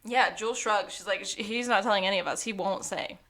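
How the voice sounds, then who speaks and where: A woman's voice: medium pitch, fairly quick. A woman co-hosting a casual rewatch podcast, recapping scenes and acting out the characters' lines with lots of laughter. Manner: animated, acts out characters' lines while recapping, laughs often. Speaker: podcast co-host.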